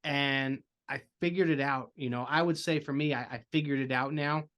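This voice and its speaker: A man's voice: medium pitch, steady tone, normal speed, lo-fi sound. A man speaking earnestly as a podcast guest in casual chat, leaning on filler phrases.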